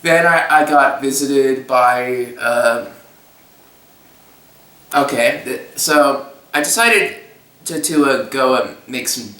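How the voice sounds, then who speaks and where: A young man rambling casually about a strange experience, halting and restarting, slipping into goofy voices and laughing. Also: medium pitch, sharp tone, echoey room, far from the mic, rough recording. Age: young adult. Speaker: storyteller recounting a trip.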